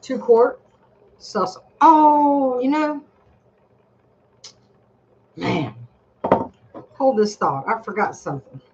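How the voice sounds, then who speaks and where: An older woman chats unhurriedly at her home desk, reviewing products for her viewers in a rambling, homey way. Her voice sits mid-pitch, recorded through a dull, muffled camera mic. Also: very animated, takes it slowly, pauses often, darkish tone, husky. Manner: chatty and rambling, talks straight to viewers. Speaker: vlogger.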